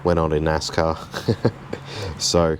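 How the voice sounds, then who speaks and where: A very low-voiced man talks through fixing a car in a home garage. He keeps it relaxed, chatty and self-deprecating, with a faint hiss of background noise under his voice. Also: slow. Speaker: home mechanic host. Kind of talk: casual how-to narration.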